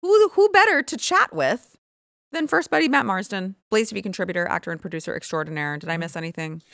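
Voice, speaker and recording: A woman in her thirties hosting a political talk show, sarcastic and animated. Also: mid-range voice, vocal fry, no room sound, clean studio sound. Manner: sarcastic, animated, quick asides. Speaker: host.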